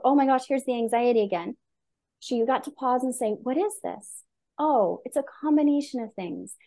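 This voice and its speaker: Podcast guest: middle-aged woman coach, higher pitch, earnest and lively. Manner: earnest, animated storytelling. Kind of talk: conversational interview.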